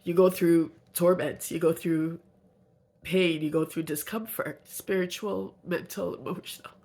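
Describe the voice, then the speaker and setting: Woman vlogger, deep raspy fry, congested from a cold, earnest reflective diary tone. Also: steady tone, measured pace, a little mellow. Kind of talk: video journal.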